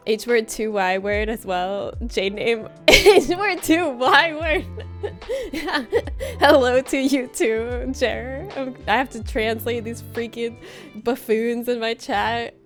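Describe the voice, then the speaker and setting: Woman streamer, higher voice, playful and teasing, laughs a lot, casual chat with viewers, faint music behind. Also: takes it slowly. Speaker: livestream host. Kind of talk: casual livestream chat, reading out viewer comments. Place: room at home.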